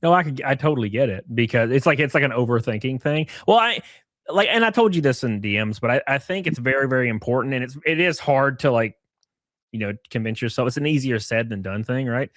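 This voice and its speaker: Male host, supportive and reassuring, mid-pitched voice; dry, close recording. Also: animated, fast talker, fairly bright tone, dry recording. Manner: reassuring, supportive, reads out chat. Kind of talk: casual chat.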